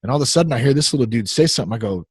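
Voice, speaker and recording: A man's voice: mid-range voice, animated, racing, husky, dry recording. A man in his thirties hosting a podcast, talking casually in a rambling, easily distracted, playful way. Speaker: podcast host.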